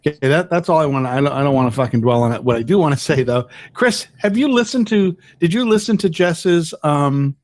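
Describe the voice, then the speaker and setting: Stammering, higher-pitched man chatting casually. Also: animated, fairly quick, few pauses, no room sound. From lived in Massachusetts, Virginia and upstate New York. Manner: stammering, repeats words, swears casually. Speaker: podcast co-host. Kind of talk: casual chat.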